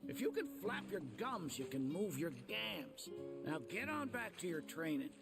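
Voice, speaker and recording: An actor playing a gruff, folksy old male chocobo rancher in a video game, with a gravelly voice and old-timer sayings. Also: high voice, big pitch swings, unhurried, full character voice. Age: older. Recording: game dialogue over loud music. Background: game music.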